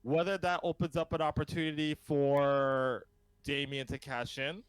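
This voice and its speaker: A man hosting a casual podcast chat, enthusiastic, laughing often and filling pauses with ums. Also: fairly high pitch, level tone, clear, resonant tone, no room sound, rough recording. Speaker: podcast host.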